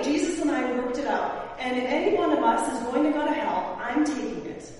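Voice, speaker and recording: A woman pastor preaching a sermon, slow and emphatic, now and then rising to an exclamation. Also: sits high, expressive, a little mellow, a little hiss or hum. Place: church sanctuary. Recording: echoey church hall from far off.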